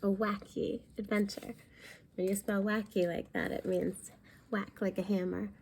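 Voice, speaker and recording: Library lady reading a kids book out loud, warm low tone, stops to explain words. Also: level tone, a little hiss or hum. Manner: pauses to explain words for young listeners. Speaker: library storytime reader. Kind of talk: reading a picture book aloud to children.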